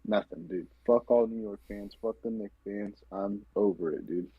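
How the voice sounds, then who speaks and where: Low husky man ranting profanely. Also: fairly even intonation, moderate pace, no room sound. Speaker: podcast co-host. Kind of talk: casual sports chat. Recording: dull lo-fi sound.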